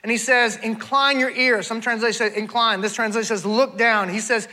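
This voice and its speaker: High-voiced, bright animated male preacher. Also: brisk. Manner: animated preaching, rising to near-shouts then dropping low; addresses crowd as "y'all", asks rhetorical questions. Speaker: traveling preacher. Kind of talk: sermon.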